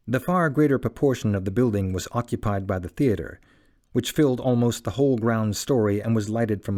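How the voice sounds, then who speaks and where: A man narrating a classic novel as an audiobook in a measured, dramatic reading. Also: lowish voice, warm tone.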